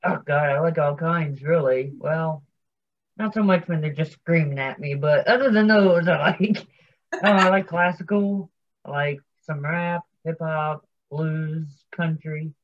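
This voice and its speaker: A woman's voice: low voice, unhurried, highs cut off. A woman from Virginia, chatting easily as a guest and chuckling often. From Virginia, United States. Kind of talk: casual chat.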